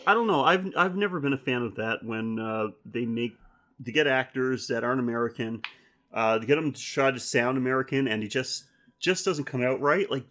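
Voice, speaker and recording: A man's voice: mid-range voice, fairly bright tone. A man co-hosting a horror film podcast in casual chat, rambling, swearing and laughing often. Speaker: podcast co-host.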